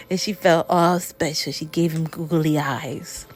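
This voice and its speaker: A woman casually telling a scary story in a rambling, unhurried way, full of fillers like "he goes". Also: fairly low pitch, fairly even intonation.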